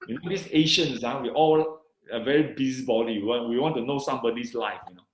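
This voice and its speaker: A middle-aged man from Malaysia telling his testimony in an interview, excited, peppering his story with "you know" and reading scripture with slow emphasis. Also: medium pitch, roomy sound, a little hiss or hum, low-quality recording. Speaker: guest sharing his testimony. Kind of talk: animated personal testimony.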